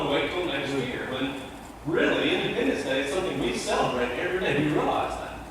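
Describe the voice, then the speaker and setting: A man's voice: on the high side, background noise. A man, a pastor preaching a sermon in a folksy, joking, earnest way. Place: large church sanctuary. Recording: distant echoey sanctuary recording.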